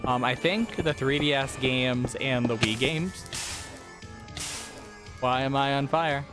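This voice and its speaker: A man's voice: mid-range voice, slow pace. A man hosting a casual let's play, rambling and self-deprecating as he plays. He is losing his voice. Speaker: gaming channel host. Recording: game music playing under voice. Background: game music.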